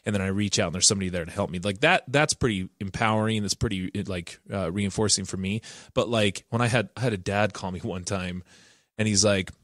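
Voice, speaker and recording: Man, podcast host, casual banter, low-ish voice, dry room. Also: fairly quick, fairly bright tone, no echo. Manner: joking, laughs often, says dude. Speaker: podcast host, social worker. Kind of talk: casual chat.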